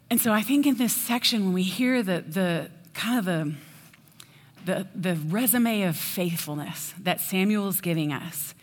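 A woman giving a sermon in a chatty, animated storytelling way. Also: mid-range voice, a little slow. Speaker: preacher. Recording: long hall reverb.

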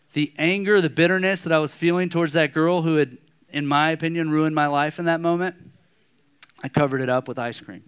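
A man's voice: a little high, smooth. A man in his thirties preaching a sermon as a pastor, telling personal stories in a conversational way and acting out anger. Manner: conversational storytelling, animated when acting out anger.

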